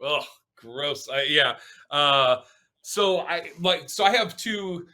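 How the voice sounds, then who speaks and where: Animated, bright-voiced man telling stories. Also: on the high side, slow. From Pacific Northwest, US. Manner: animated, laughing, acts out quotes. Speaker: stand-up comedian, guest. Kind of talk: casual interview storytelling.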